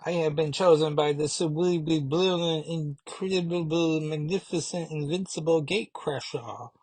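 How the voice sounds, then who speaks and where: A man's voice: fairly high pitch, slow, husky, pitched above the performer's own voice. A man voicing a tiny, brash male duck bounty hunter who turns his R and L sounds into W sounds. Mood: boastful. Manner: swaps R and L sounds for W.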